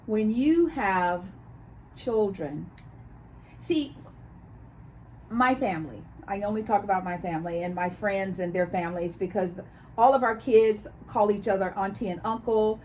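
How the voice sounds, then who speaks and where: A chatty woman co-hosting a casual talk show, her voice sitting in an everyday middle pitch. She tells stories with animated turns and acts out the voices of people she quotes. A faint noise hums under her voice. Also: measured pace. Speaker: co-host. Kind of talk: casual chat.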